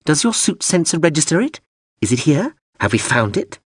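Man voicing a snide floating drone, high whiny sarcastic voice, lively swoops, husky, dry audiobook sound. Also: normal speed, no room sound. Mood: peevish sarcastic. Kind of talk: audiobook character voice.

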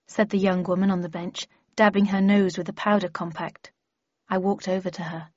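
A woman reading a novel aloud in the first person, telling the story in a steady, wry way. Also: on the low side, normal speed, dry recording, highs cut off. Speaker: audiobook narrator.

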